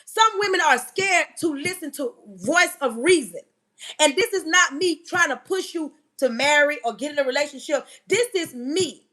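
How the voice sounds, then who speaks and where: Female live-stream preacher: high, bright voice, emphatic, loud, full of rhetorical questions. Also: animated, normal speed. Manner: yelling and emphatic, banging on the table.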